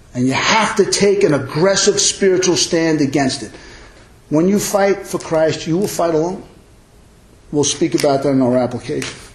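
A man preaching a sermon as pastor, forceful and emphatic, rising sharply on his strong points. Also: a little hiss or hum. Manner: forceful, emphatic preaching with big pitch swings. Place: church. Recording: echoey church hall.

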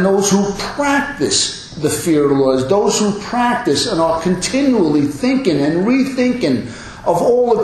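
A fifty-something man with a fairly high voice delivers an earnest sermon. He presses his points with insistent repetition. The room is strongly echoey around him. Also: a little hiss or hum. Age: 50s. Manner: earnest, emphatic, repeats phrases for effect. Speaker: pastor. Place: church hall.

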